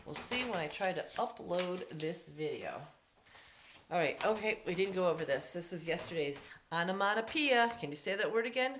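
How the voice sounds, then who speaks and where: A middle-aged woman teaching a recorded class lesson from home, patient and sounding words out slowly for young pupils. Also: lowish voice, a bit bright, slight background noise. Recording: echoey room.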